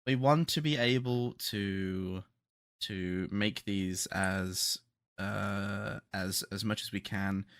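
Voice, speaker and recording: A man's voice: fairly low pitch, fairly even intonation, slow pace, fairly bright tone, no echo, studio quality. Sleepy young man co-hosting a podcast. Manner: rambling, repeats himself, sleepy. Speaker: podcast co-host. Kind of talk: casual chat. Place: home, recording remotely.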